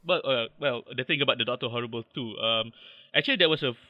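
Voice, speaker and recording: A man's voice: medium pitch, quick pace, no echo, lo-fi sound. A man with a Malaysian English accent, a podcast guest chatting casually and rambling with many restarts. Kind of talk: casual interview chat.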